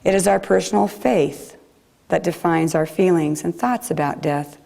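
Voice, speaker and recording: Low gravelly-voiced woman preacher. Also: moderate pace. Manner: gentle, reflective delivery. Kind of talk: sermon. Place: chapel.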